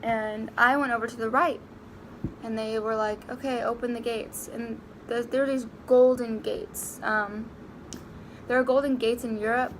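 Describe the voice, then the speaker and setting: A young woman vlogging a personal story to camera, halting and emotional, close to tears, with many fillers and restarts. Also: fairly high pitch, fairly even intonation, slight background noise.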